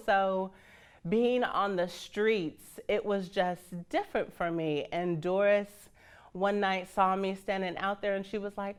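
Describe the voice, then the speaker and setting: A woman's voice: medium pitch, fairly even intonation, unhurried, clear, resonant tone. A woman in her fifties from Northern California, frankly telling her life story and acting out the voices of the people she quotes. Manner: frank, salty, laughs as she talks. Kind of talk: personal storytelling.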